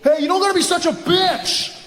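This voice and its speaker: A man's voice: very high-pitched, fairly even intonation, brisk, a bit bright, voice pushed up. A man playing a pushy creepy guy at a bar. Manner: leering, insistent. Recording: hall reverb, faint noise.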